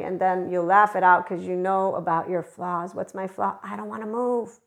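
A woman talking straight to her viewers in a loose spiritual monologue. She jokes, swears freely and laughs at herself, then turns earnest. Her voice sits at an ordinary middle pitch. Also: fairly even intonation, creaky, fairly bright tone. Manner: chatty, swearing, laughing at herself, quick shifts of tone. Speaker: spiritual channel host.

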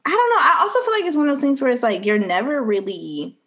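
A woman co-hosts a casual podcast chat, playful and quick to laugh. Her voice moves lively through its pitch range. The talk is loose and conversational. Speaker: podcast co-host.

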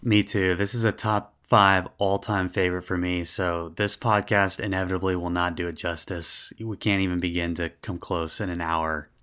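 Deep-voiced man hosting a podcast. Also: steady tone, moderate pace, few pauses, fairly bright tone, clean tone. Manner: earnest, thoughtful, reads quotes aloud. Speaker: podcast host. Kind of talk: casual podcast discussion.

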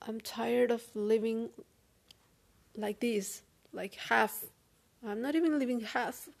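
A woman speaking English as a second language in a personal confessional vlog. She sounds weary and frank, talks haltingly, and swears often. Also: fairly high pitch, creaky. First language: not English. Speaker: vlogger.

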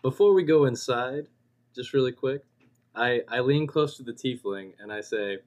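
A man's voice: medium pitch, normal speed, darkish tone, lo-fi sound. A man playing a tabletop game in character, hesitant and stammering. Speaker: player. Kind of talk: casual tabletop role-play.

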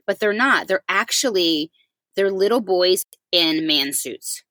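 Animated woman telling a story, low voice. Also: measured pace, dry recording. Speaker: podcast co-host. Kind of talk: casual chat.

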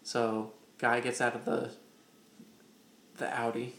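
Swearing, animated storytelling man. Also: mid-range voice, slow pace, creaky. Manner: profane, animated anecdote-teller acting out quotes. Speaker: podcast co-host. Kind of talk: casual chat, storytelling. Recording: roomy echo.

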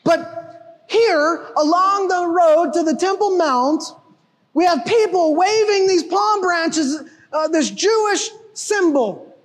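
A man with a very high voice preaches a sermon, animated and emphatic, often shouting a point home. His voice rings out with a long reverb, as if recorded in a church hall. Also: takes it slowly. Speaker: pastor.

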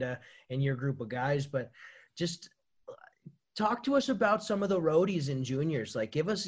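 A man with a somewhat high voice who hosts a casual podcast. He talks with eager energy and swears in an offhand way. He sounds relaxed and at ease. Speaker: podcast host. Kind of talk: casual chat.

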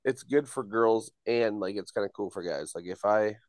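A young man co-hosting a podcast, chatting casually with dry, deadpan remarks. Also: lowish voice, moderate pace, crowd noise. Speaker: podcast co-host. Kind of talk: casual chat among friends.

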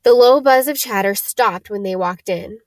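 A woman's voice: medium pitch, normal speed, a little mellow, dry recording. Woman reading a storybook, dry sound. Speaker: reader. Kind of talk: storybook narration.

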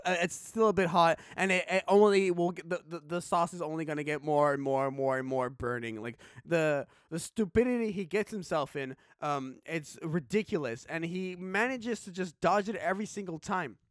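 High-voiced man in casual chat. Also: normal speed, hardly any pauses, no echo, clean studio sound. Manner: rambling, filler-heavy, acts out characters mid-story.

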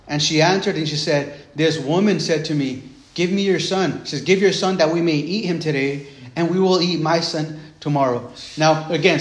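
A man's voice: on the high side, reverberant. A man preaching a conversational sermon, retelling scripture in a loose, chatty way, often checking in with "right?" and restarting his sentences.

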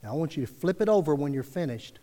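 Male pastor, high animated delivery, earnest sermon, long church-hall reverb. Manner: earnest, preacherly rises and drops, slow emphatic phrasing. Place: church sanctuary.

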